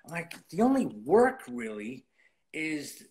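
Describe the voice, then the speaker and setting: A man's voice: fairly high pitch, very animated, measured pace, darkish tone. A man in his late fifties, a guest in an interview, telling his story in a casual way and acting out old conversations as he goes. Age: 50s.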